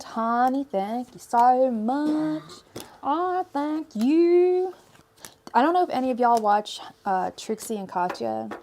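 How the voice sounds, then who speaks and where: A woman's voice: on the high side, darkish tone, a little hiss or hum. A young woman hosting a tarot-reading livestream, chatting casually with lots of fillers and giggles. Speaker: tarot reader livestream host.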